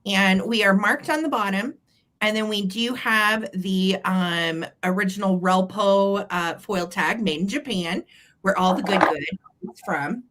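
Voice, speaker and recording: A woman co-hosting a live vintage sale, gushing with excitement over her finds and laughing often. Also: medium pitch, a little slow. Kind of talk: casual sales chat.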